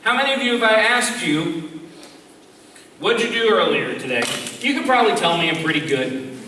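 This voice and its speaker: A man in his late twenties, a youth leader giving a humorous talk, telling stories animatedly and jumping high when acting out voices. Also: animated, moderate pace, bright, forceful tone. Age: late 20s. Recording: echoey hall, mic far off, background noise.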